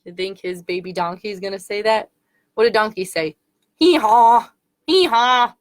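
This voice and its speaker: A woman's voice: medium pitch, fairly even intonation, brisk. A woman as a children's librarian, reading picture books aloud in a playful way, making animal sounds.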